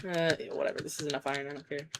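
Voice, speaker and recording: A woman's voice: deep voice, little pitch movement, rapid-fire, heavy background noise. A woman streamer casually telling a rambling story while gaming, swearing and tossing in jokey asides. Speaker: game streamer. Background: keyboard typing and clicks.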